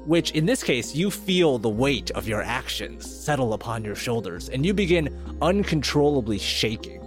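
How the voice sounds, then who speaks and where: A man runs a tabletop fantasy session, describing the action with playful relish. His pitch moves a lot from line to line. Quiet music plays underneath. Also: moderate pace. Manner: animated, playful narration. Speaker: game master. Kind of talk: narrating a tabletop game.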